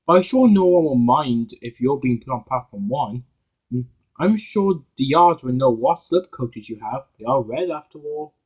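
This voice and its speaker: A man voicing a proud, stubborn male tank engine in a homemade story, in a husky voice close to his own. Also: medium pitch, expressive, normal speed, narrow, tinny audio. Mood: smug.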